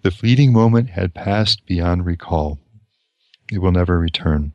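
A deep-voiced man lecturing on a novel. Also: darkish tone, no echo, highs cut off. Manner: measured, reflective, with restarts. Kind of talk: reading and commenting on a novel.

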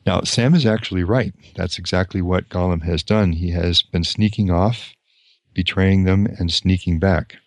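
A man lectures on a novel, reading passages aloud and commenting in a measured, reflective way, occasionally restarting a sentence. His voice sits low with a steady tone, and there's no room sound.

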